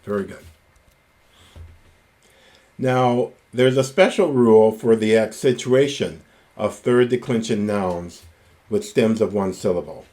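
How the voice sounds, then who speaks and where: Man, Greek teacher, lecture, slow deliberate delivery, fairly low voice. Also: mellow. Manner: slow, deliberate, spelling out word forms; enthusiastic aside about grammar rules. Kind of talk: recorded lecture.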